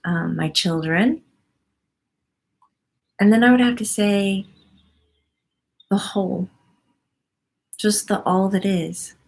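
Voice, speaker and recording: A woman's voice: mid-range voice, takes it slowly, creaky, long pauses, darkish tone. A woman in her forties hosting a live stream, reading viewer comments aloud and gushing over them with wonder and frequent laughter. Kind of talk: casual live-stream chat.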